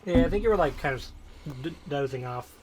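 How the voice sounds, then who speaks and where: Give me a man with a somewhat high voice rambling through a casual podcast chat. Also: animated, fairly quick, a crowd in the background. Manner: rambling, digressive storytelling. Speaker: podcast co-host.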